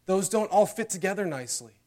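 A young man preaching a sermon in a slightly high voice. He talks in a conversational, earnest way, often checking in with the congregation, and reads scripture with dramatic force. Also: animated, fast, a little mellow. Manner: conversational, earnest, with frequent "okay?" and "right?"; dramatic readings of scripture and mock prayers.

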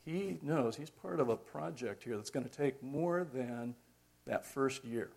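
Male preacher, middle-aged, husky and unhurried, reflective sermon delivery with frequent pauses. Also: medium pitch, darkish tone. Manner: reflective, conversational, many pauses and fillers.

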